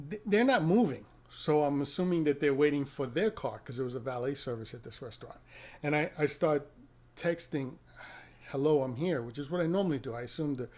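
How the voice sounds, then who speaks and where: Rambling middle-aged man telling a driving story. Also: fairly high pitch. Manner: rambling, self-correcting, chuckles at own stories. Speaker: rideshare driver and vlogger. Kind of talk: casual storytelling to camera.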